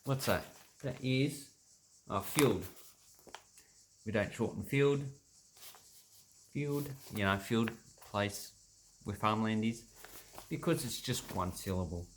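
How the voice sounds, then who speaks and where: An Australian man casually explaining words from a dictionary, thinking aloud with many pauses and restarts. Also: on the low side, noisy background. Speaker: language vlogger.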